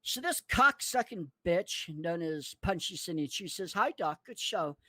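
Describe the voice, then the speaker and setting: A man in a furious, profanity-laden livestream rant, cursing, threatening and mocking people in a squeaky put-on voice. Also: expressive, a little slow, pushed and bright, no echo. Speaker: online commentator.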